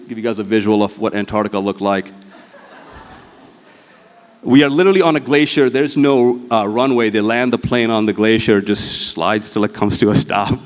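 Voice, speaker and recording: A man giving a motivational keynote on stage, telling a personal story, acting out dialogue and swearing freely. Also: medium pitch. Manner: profane, storytelling, acts out dialogue. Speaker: motivational speaker. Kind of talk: live keynote talk with slides. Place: large event hall. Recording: long hall reverb.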